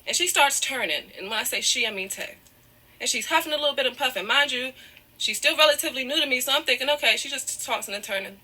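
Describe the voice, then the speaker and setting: A woman's voice: high-pitched, animated, fast, bright, forceful tone. A woman telling a painful personal story, close to tears, apologizing often and circling back with "however". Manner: apologetic, repeats "however", digresses. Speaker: guest telling her side of a breakup.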